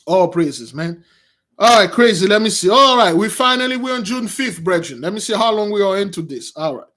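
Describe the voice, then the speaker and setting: A man hosting casual religious commentary on news stories, rambling and animated, calling his listeners brothers. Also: high-pitched, fairly quick. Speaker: channel host.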